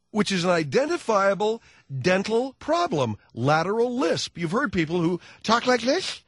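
A middle-aged male radio host with a high, husky voice rambles through a sarcastic comic monologue. His pitch swings widely, and the sound is dry and close on the mic. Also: sing-song, moderate pace, fairly bright tone, no room sound. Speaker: radio talk show host. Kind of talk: comedic talk radio monologue.

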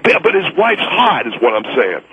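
A man's voice: medium pitch, big pitch swings, fairly quick, close to an everyday voice. A man playing a smug nasal young braggart. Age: 20s. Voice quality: nasal, slurred speech. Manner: smug, boastful sweet-talker. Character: cocky boastful young male telemarketer. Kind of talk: radio comedy call-in bit. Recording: dull radio broadcast sound.

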